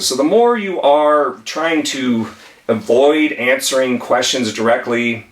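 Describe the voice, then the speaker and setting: A man's voice: medium pitch, expressive, slow pace. Man teaching from a distance in an echoey room. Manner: emphatic, conversational, repeats key phrases. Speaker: attorney teaching legal tips. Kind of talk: whiteboard lesson. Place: room with whiteboard. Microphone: camera mic at a distance.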